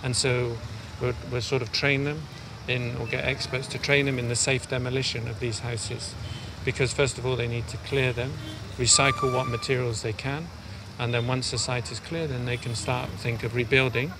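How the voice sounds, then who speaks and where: A man's voice: mid-range voice, steady tone, moderate pace, noisy background. A man working as an aid worker, explaining things step by step in a field interview on a mountain path. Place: outdoors on a steep mountain path.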